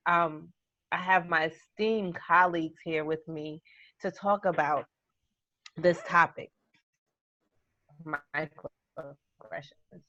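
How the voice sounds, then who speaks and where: A woman's voice: lowish voice, takes it slowly, long pauses, a bit bright, no echo. A choked-up woman moderating a panel, effusive and grateful as she opens it. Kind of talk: emotional webinar opening remarks. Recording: muffled lo-fi sound.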